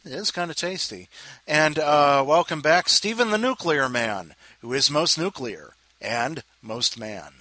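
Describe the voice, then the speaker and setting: A man's voice: on the high side, expressive, measured pace, pushed and bright. A man hosting a show, chatting casually with jokey asides and apologies between readers. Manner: self-interrupting, jokey asides, apologizes often. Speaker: host introducing readers. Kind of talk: rambling casual chat.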